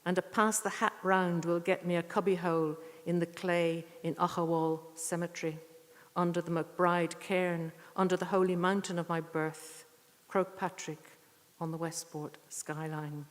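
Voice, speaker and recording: A woman giving a poetry reading with short spoken introductions, earnest and unhurried, with thoughtful pauses. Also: fairly low pitch, little pitch movement. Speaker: poetry reader at a tribute evening. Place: church. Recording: echoey church hall.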